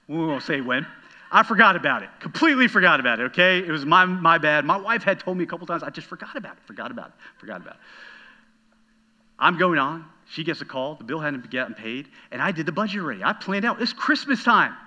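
Male pastor, sermon, animated storytelling, bright ringing voice, slightly high. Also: fast talker. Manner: animated storytelling, talking straight to the congregation.

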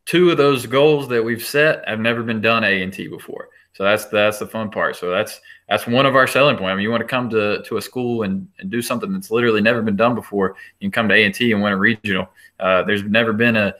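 This is a man with a low, forceful, bright voice. He tells his coaching stories in a casual interview, animated and chatty, and he laughs as he restarts his sentences. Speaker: assistant baseball coach.

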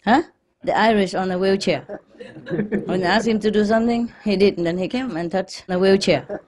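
A woman telling jokes to a group in a relaxed, chatty way, laughing often. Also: medium pitch. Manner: chatty, laughs often, quick back-and-forth. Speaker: lecturer leading a group gathering. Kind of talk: casual joke-telling to a group.

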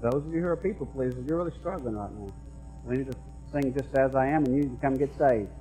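A middle-aged man preaching a sermon as pastor, moving between quiet conversational asides and loud, emphatic repeated lines. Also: mid-range voice, quick pace, soft background music, poor audio. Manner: conversational preaching that swings from hushed asides to raised emphatic repetition.

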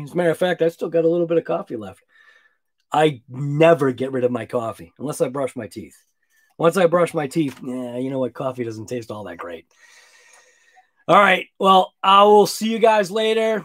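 A tired man hosting a late-night live stream, rambling casually and trailing off quietly. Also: a little high. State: sleepy. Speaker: RC hobby channel host.

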